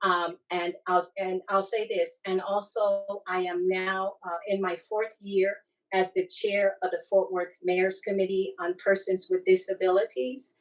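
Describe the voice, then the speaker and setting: A woman with foreign accent syndrome, speaking haltingly on a church panel as a disability advocate. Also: medium pitch, flat delivery, far from the mic, poor audio. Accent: foreign accent syndrome, accent not from her Southern California origin. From Southern California. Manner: halting, restarts and searches for words. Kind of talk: panel discussion.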